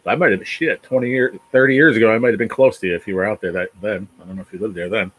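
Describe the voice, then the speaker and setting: Reading viewer comments at a very fast clip, this livestream host, a forties-aged man from New Jersey, rambles and swears through a casual chat. His lowish voice is a bit bright, captured in low-quality audio.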